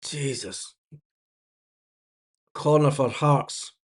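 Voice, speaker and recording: A man's voice: medium pitch, very slow. A man giving blunt, exasperated live match commentary as a watch-along host, swearing freely and laughing often.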